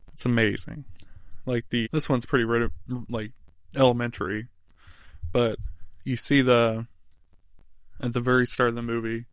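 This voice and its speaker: A man's voice: mid-range voice, clear, resonant tone, dry recording. A young man casually reviewing a movie as a podcast host, rambling with restarts and frequent laughs.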